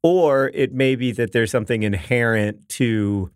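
A man's voice: mid-range voice, a little slow, smooth, no room sound, studio quality. A man in his forties co-hosting a podcast in casual chat, wry and rambling, laughing easily. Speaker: podcast co-host.

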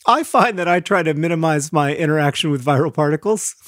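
A man co-hosting a podcast, chatting casually with playful deadpan jokes. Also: a little high, fairly quick, dry recording, clean studio sound. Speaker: podcast co-host. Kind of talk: casual chat.

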